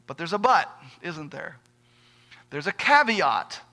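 A man's voice: fairly high pitch, very animated, slow, gravelly, sharp tone. A male pastor preaching a sermon, emphatic, putting rhetorical questions to his congregation.

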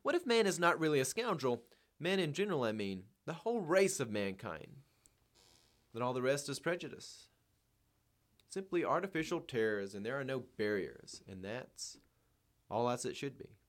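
A man's voice: medium pitch, big pitch swings, normal speed, natural voice. A man voicing a brooding, self-doubting drunken man who muses aloud in a questioning way. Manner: musing, questioning.

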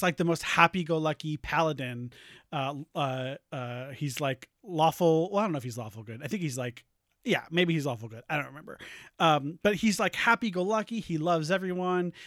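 A man's voice: a little high, normal speed, a bit bright, no room sound, clean studio sound. A man, a podcast host and game master, chatting casually with many fillers and restarts. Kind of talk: casual chat.

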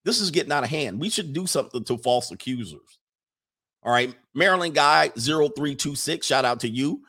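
A young man hosting a casual livestream, reading viewer messages aloud and riffing on them, animated and laughing often. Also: medium pitch, a little fast. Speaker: livestream host reading super chats.

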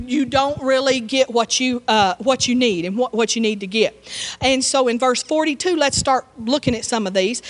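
A woman pastor, preaching in a conversational, folksy way with frequent restarts. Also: sits high. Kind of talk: sermon.

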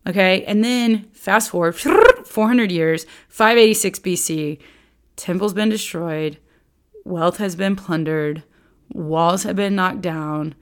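A woman teaching a casual Bible study lesson in a chatty, animated way, often checking in with her listeners with "right?" and "okay?". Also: on the low side, slow pace, clear, resonant tone.

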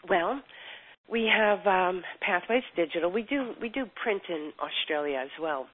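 A woman's voice: on the low side, measured pace. An older woman, a chiropractor, telling a story in an interview and acting out the voices of the people in it. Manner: animated storyteller, acts out quoted voices. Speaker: chiropractor guest. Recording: tinny phone-line sound.

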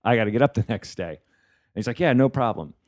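A man's voice: medium pitch, lively intonation, quick pace, a little mellow. A man, a comedian and podcast host, telling a gig story in casual chat, profane and laughing often.

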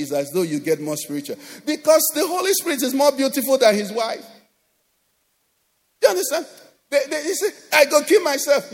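A man with a Nigerian accent preaching a sermon as pastor, animated, acting out quoted voices and often asking "do you understand?". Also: very high-pitched. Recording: long hall reverb.

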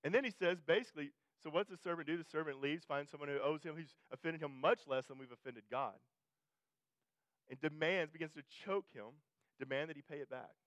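A man's voice: fairly high pitch, fairly quick, fairly bright tone, no echo. A male pastor preaching a sermon in a conversational way, often restarting and repeating phrases and pushing his voice up for emphasis.

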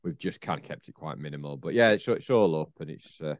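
Lively chatty man. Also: a bass voice, quick pace, no echo, clean studio sound. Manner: chatty, rambling, laughs often. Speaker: podcast co-host. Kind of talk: casual chat.

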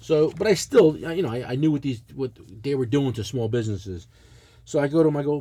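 A man's voice: medium pitch, brisk, dry recording. A middle-aged man, telling a profane, blunt story in casual chat as a podcast co-host. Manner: animated, swearing, blunt ranting.

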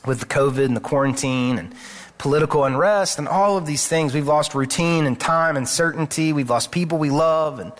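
A man preaching in a church, his voice sitting somewhat high for a man. He talks to the congregation in an earnest, conversational way rather than orating, and often restarts a phrase before pushing on. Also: a little fast. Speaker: pastor. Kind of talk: sermon. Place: church sanctuary.

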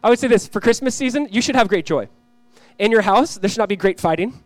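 Guy pastor preaching, kinda high voice, chatty then gets fired up, dry close sound. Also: lively intonation, fast talker, dry recording. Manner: conversational preaching, rising to fervent emphasis. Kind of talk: sermon.

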